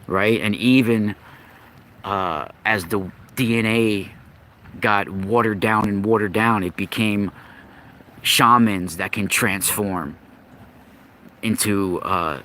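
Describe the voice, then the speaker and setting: Slow and often pausing, the host has a lowish voice with a sharp edge, and slight background noise is audible. He retells old myths and occult lore off the cuff, restarting often and groping for the right words.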